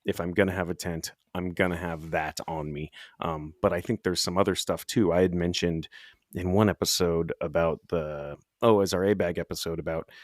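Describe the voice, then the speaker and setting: A man co-hosting a podcast in casual chat, rambling and chatty and quick to laugh. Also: deep voice, fairly even intonation, dry recording, studio quality. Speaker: podcast co-host.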